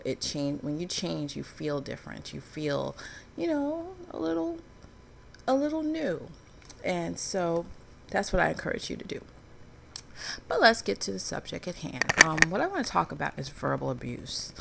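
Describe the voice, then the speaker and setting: Gravelly-voiced woman vlogging earnestly. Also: sits low, a little hiss or hum. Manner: earnest, frank storytelling. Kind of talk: candid personal commentary.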